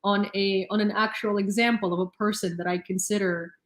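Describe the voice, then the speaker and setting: Young woman live-streaming the news, rambly and chatty, laughs a lot, mid pitch, roomy sound. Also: fairly even intonation, a little fast. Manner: chatty, rambling, laughs often, many fillers. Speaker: news channel host. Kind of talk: casual live-stream commentary. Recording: roomy echo.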